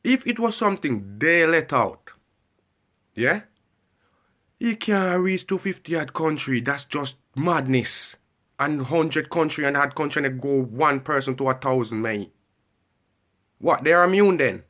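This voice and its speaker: A man's voice: on the high side, lively intonation, measured pace, fairly bright tone. A man delivering a heated, repetitive ranting monologue and pressing the listener with questions. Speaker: vlogger.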